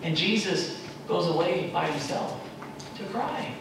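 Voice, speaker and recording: High-voiced pastor preaching in an echoey hall. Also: male voice, very animated, slow pace, background noise. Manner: acts out prayers in a raised, pleading voice. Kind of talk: sermon. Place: church sanctuary. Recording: echoey church hall, mic at a distance.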